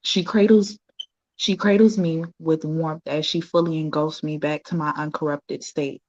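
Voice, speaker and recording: Woman with a real low voice reading her poems, slow and solemn, muffled lo-fi call audio. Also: steady tone, a little mellow. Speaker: guest poet.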